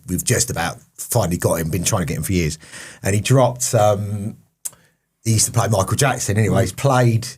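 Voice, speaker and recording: A man co-hosting a casual chat, talking in a rambling, enthusiastic way with lots of restarts and a husky voice. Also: deep voice, a little mellow. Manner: rambling, enthusiastic, repeats himself. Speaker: podcast host.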